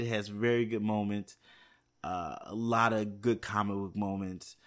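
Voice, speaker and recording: A man with a fairly low voice talks casually to his viewers, rambling and thinking aloud. He restarts his sentences often and pads them with fillers. He sounds a little tired. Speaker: movie news vlogger. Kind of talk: casual chat to camera.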